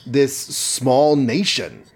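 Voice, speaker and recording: A man's voice: mid-range voice, lively intonation, extremely slow, breathy edge. Chatty man recapping a comic. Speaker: podcast co-host. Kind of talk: casual comic-book recap.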